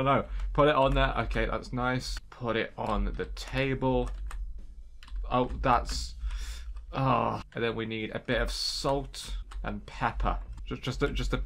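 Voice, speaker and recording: A man giving joking, excitable commentary while playing a game, often breaking into startled yelps. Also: medium pitch, normal speed, faint music behind. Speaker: gameplay streamer. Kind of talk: casual let's-play commentary.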